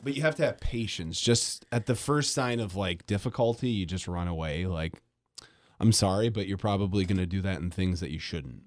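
A man's voice: low voice, normal speed, no echo. A man talking earnestly and plainly in a casual podcast chat.

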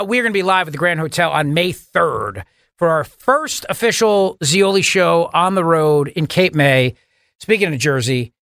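A man hosting a talk radio show, delivering a sarcastic, mocking, animated monologue to his listeners. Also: high-pitched, no echo, clean studio sound. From Italian heritage, US.

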